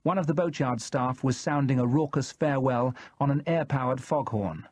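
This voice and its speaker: A man narrating a novel in the first person, in a measured and expressive manner. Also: medium pitch, dry recording, studio quality. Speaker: audiobook narrator.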